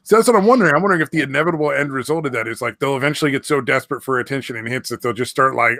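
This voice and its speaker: A man chatting on a podcast in a bright, forceful voice, recorded dry and close with no room sound. He swears freely and lays on sarcasm, and he laughs easily. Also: mid-range voice, very fast, hardly any pauses, no echo. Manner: profane, sarcastic, laughs often. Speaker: podcast host. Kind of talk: crude casual chat.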